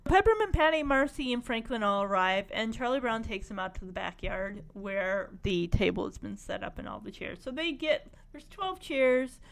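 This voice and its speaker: High, lively woman recapping a cartoon. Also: moderate pace, vocal fry, few pauses. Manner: chatty and opinionated, with frequent asides. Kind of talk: casual retelling of a cartoon special.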